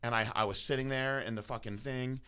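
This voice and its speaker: A man's voice: medium pitch, brisk, clean tone. A man hosting a podcast interview, telling long stories with lots of swearing and restarts. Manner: animated, swears often, stumbles and restarts. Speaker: podcast host. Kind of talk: casual storytelling interview.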